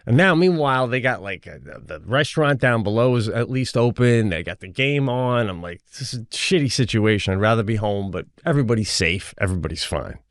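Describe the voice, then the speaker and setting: A man co-hosting a comedy podcast, telling a long story in a lively way, jumping into high-pitched voices when he quotes others and swearing casually. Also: brisk, hardly any pauses, dry recording, studio quality. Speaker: podcast co-host.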